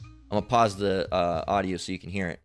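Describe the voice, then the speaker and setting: A man's voice: sits low, fairly even intonation, brisk, clean tone, soft background music. A man giving rambling, coarse preaching commentary over a video he is playing. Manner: rambling, coarse, cursing ranter. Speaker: religious commentator.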